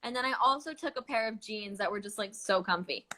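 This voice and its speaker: A young woman, an actress, chatting casually in an interview, full of fillers and quick laughs. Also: medium pitch, animated, sharp tone. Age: young adult. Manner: chatty, lots of "like" and "um", laughs often. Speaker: actress guest.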